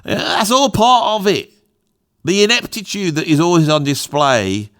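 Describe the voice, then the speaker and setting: This is a high-pitched, sing-song male voice with a slightly bright tone, moving at normal speed. The speaker is a middle-aged English YouTuber and musician from England, delivering an unscripted, rambling vlog in a self-deprecating way.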